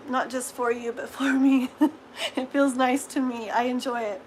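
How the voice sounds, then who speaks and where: A woman's voice: sits high, fairly even intonation, unhurried, a little hiss or hum, low-quality recording. A middle-aged woman hosting a live tarot reading, chatting casually and gushing, laughing often. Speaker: tarot reader hosting a livestream. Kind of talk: casual livestream chat.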